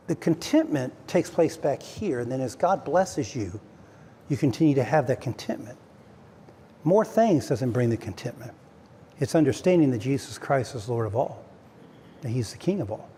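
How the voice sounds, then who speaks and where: A man's voice: medium pitch, dark tone. A man preaching a conversational sermon to his church, with frequent stammered restarts. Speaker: pastor. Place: church sanctuary. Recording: long hall reverb, faint noise.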